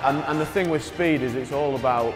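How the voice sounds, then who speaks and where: A man's voice: medium pitch, fairly quick. A man, a strength and conditioning coach, who explains sprint mechanics and keeps affirming with "yeah". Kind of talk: coaching interview chat. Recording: reverberant space with faint music.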